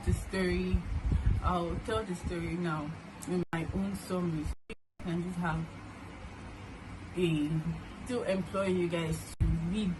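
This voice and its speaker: A young woman in her twenties with a Nigerian accent, telling a personal family story to the camera in a halting, earnest way with many restarts. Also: fairly low pitch, fairly even intonation. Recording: noisy room ambience.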